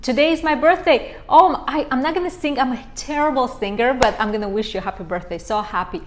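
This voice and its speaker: A fairly high-pitched woman runs a live coaching stream, chatting straight to her viewers. She is effusive and enthusiastic, and keeps repeating words of praise as she reads their comments aloud. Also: fast, slight background noise. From Romania. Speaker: life coach. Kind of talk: livestream chat reading viewer comments.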